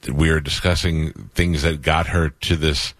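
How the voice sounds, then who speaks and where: Deep-voiced radio host, dry sound. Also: male voice, steady tone, a bit bright, dry recording. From New York. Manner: quick interjections, jokey asides. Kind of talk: casual interview chat.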